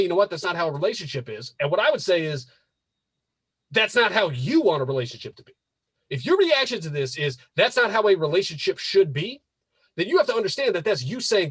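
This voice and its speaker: A man's voice: sits high, breathy edge, dry recording. A man hosting a live relationship-advice show, talking casually, swearing freely and working himself up into incredulous rants. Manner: animated, swearing, rising to incredulous outbursts. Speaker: podcast host.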